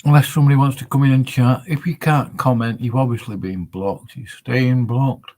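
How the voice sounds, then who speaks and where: A man's voice: mid-range voice, steady tone, darkish tone. A man hosting a casual livestream on his own, thinking aloud and rambling, with dry, dismissive asides. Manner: slow, rambling, thinks aloud with many pauses. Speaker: livestream host. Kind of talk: casual solo livestream chat.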